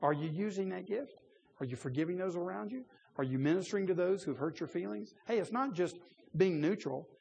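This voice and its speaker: A man preaching a sermon in an earnest way, building to emphatic appeals and then dropping quiet. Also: high voice, a little fast, vocal fry.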